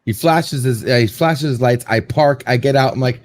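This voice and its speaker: A man's voice: medium pitch, moderate pace. A man hosting a casual show, telling a story in a rambling way and acting out what people said. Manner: rambling storyteller, repeats words, acts out quotes. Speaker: show host.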